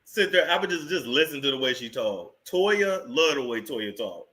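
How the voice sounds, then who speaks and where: A man's voice: medium pitch, expressive, normal speed, bright, forceful tone. A man hosting casual gossip commentary, chatting to his viewers and laughing often. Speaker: celebrity gossip host.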